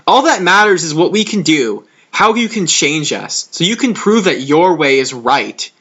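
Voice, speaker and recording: A man reading lines in a lower, grave voice for a bitter, loyal young male knight from a comic. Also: expressive, moderate pace, a bit bright. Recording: dull lo-fi recording.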